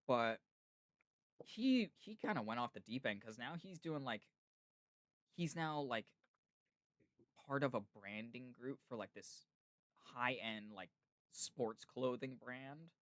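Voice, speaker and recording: A laid-back man hosting a podcast, rambling through casual chat and leaning on "like" and "dude". His voice sits in a middle pitch, recorded close and dry with almost no room sound. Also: lively intonation, takes it slowly, long pauses, a bit bright, dry recording. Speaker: podcast host.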